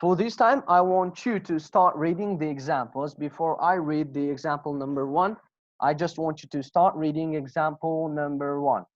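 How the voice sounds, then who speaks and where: A man's voice: fairly high pitch, no room sound. Man teaching English on a video call. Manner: slow, repeats example phrases, asks students questions. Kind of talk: online class lesson. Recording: dull lo-fi video call audio.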